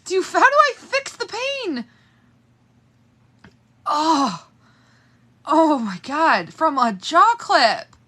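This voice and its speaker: A woman's voice: high voice, very animated, extremely slow, long pauses, sharp tone. A young woman livestreaming casually to her viewers, shaky and in pain, laughing nervously and swearing through it. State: trembling, in pain.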